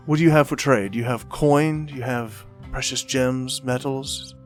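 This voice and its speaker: A man's voice: medium pitch, steady tone, a little slow, lightly acted. A man voicing a tough, blunt woman mercenary who haggles over coin, over faint music. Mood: haggling.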